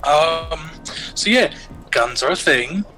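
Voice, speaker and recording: A man's voice: a little high, expressive, takes it slowly, over music, poor audio. A man chatting casually on a voice call with his gaming group, rambling with plenty of fillers and restarts. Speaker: player in a group game stream.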